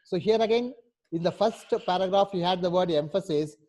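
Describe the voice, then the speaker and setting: A man's voice: sits high, fairly quick, a little mellow. A man teaching a class, explaining step by step and often checking with "right?". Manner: patient, repeats "right?" to check understanding. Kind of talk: online class instruction.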